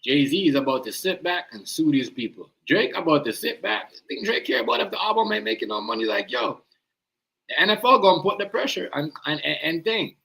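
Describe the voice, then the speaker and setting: A man's voice: on the high side, very animated, a little fast, creaky, sharp tone, low-quality recording. A man hosting a live stream, rambling in casual slang and often asking "you know what I mean".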